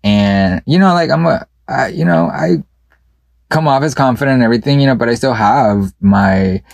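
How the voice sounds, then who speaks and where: A man's voice: medium pitch, animated, normal speed, no echo. A man co-hosting a podcast in casual, profane chat, rambling with fillers and laughing often. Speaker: podcast co-host.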